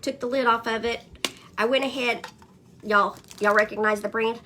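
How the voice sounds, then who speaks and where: A woman's voice: a little high, steady tone, moderate pace, background noise. A woman hosting a casual craft livestream, chatting and greeting viewers by name between stories. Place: home.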